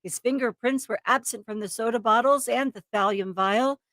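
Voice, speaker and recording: High-voiced woman reading true crime aloud. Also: normal speed, a bit bright, no echo. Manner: breaks into laughter, trips over words while reading. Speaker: livestream co-host reading a case.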